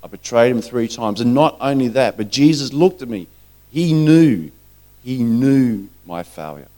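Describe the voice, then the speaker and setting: A man's voice: mid-range voice, lively intonation, a little slow, dark tone. A man preaching a sermon, telling a story earnestly and acting out the quoted lines.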